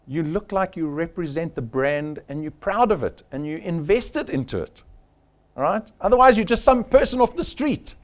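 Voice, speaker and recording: A man presenting a live sales workshop, his voice sitting a little high and swinging widely in pitch. He speaks in short, punchy phrases and hammers home each point. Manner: emphatic, punchy, repeats key points. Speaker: sales trainer.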